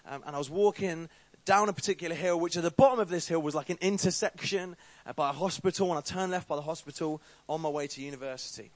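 A man's voice: a little high, fast, dry recording. A young man giving an informal talk to a faith group, telling a story with chatty, self-deprecating asides.

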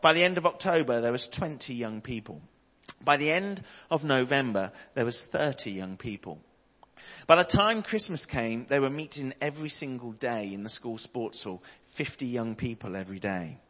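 A man's voice: medium pitch, animated, moderate pace, a bit bright, in a large hall, dull audio. A man preaching a sermon, telling stories emphatically and repeating lines for effect.

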